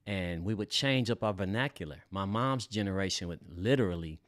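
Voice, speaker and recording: A man with a deep, low voice hosts a relaxed podcast. He is middle-aged and from Los Angeles, and he talks in an easygoing, slangy way, full of fillers and casual swearing, as if chatting with friends. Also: no echo, clean studio sound. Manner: laid-back and loose, heavy on fillers and slang, swears freely. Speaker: podcast host.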